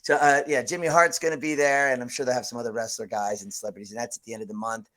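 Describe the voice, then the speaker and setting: A man's voice: medium pitch, steady tone, rapid-fire, fairly bright tone. A man guest on a podcast, talking casually and enthusiastically with slang about hosting festivals and radio. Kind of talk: casual interview chat.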